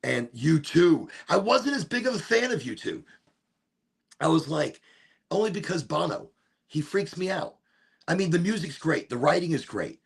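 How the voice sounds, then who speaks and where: A man's voice: a little high, big pitch swings, moderate pace, gravelly, breathy edge. A man hosting a live stream, rambling and swearing in a laid-back chat. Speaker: livestream host.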